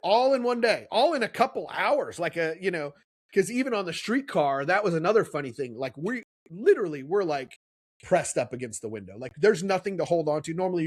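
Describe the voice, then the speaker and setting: Middle-aged male podcast co-host, animated storyteller, a bit higher pitched. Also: no room sound. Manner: animated storyteller, acts out quoted voices. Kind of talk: casual storytelling chat.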